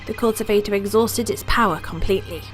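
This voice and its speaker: A woman's voice: medium pitch, fast, faint music behind, close to an everyday voice. A woman voicing an elderly retired protector, reading game dialogue with grave storytelling and calling the listener dear. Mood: solemn.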